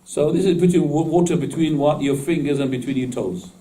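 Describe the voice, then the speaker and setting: A man's voice: on the high side, fairly quick, mellow, far from the mic, poor audio. A man teaching Islamic law to a class in casual, informal speech, often asking his students questions and laughing at his own jokes. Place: mosque classroom.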